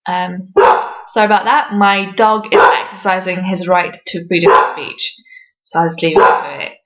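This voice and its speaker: A woman's voice: fairly low pitch, fairly even intonation, moderate pace, a bit bright, lo-fi sound. A woman from Wales with a fairly neutral English accent, an author answering reader questions in a casual vlog, hesitant with many ums and light self-mocking laughs.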